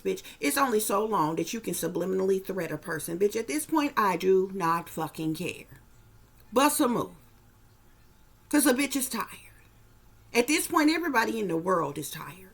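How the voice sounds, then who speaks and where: A woman's voice: mid-range voice, creaky, fairly bright tone. A woman doing a psychic reading for viewers in a blunt, profane, rambling casual talk. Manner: blunt, profane, rambling, repeats "you know what I'm saying". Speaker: psychic reader.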